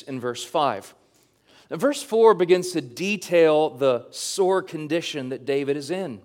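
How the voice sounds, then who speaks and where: A pastor, a man, reading scripture slowly and then preaching with rising emphasis, speaking straight to his congregation. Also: a little high, expressive. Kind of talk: sermon.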